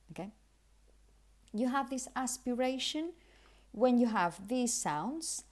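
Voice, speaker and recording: On the high side in pitch but darkish in tone, a woman with a Spanish accent, native in Spanish, coaches English pronunciation through careful explanation and repeated examples.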